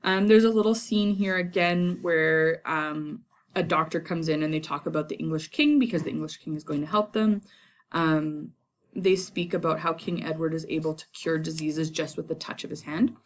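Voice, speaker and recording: A woman teacher retells a play in a chatty, informal lesson. Her voice sits a bit low. She fills pauses with ums and casual asides. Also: steady tone.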